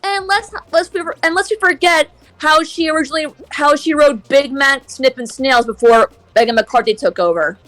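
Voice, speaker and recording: A woman's voice: high voice, normal speed, hardly any pauses, a bit bright, no room sound. A woman streaming a game and chatting casually, airing strong opinions in a ranting way. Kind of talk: casual chat while gaming.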